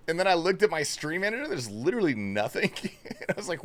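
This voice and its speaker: Man, young adult, livestream host, casual chat, swears, jokey, lively pitch, slightly high voice. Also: quick pace. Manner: loose, joking, swears a lot; reads and thanks chat messages.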